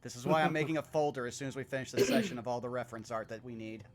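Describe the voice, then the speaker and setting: A man playing in a tabletop game who also manages the stream, talking in a brisk, practical way. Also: mid-range voice, crowd noise. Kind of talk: casual chat in a tabletop game.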